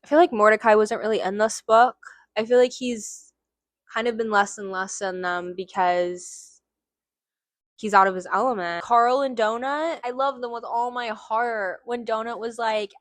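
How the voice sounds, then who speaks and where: Brief: woman vlogger, slightly high voice, excitable, rambly fan energy, dry close sound. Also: normal speed, no echo. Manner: gushing, rambling, goes on tangents; swears casually. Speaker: book vlogger. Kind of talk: casual book review chat.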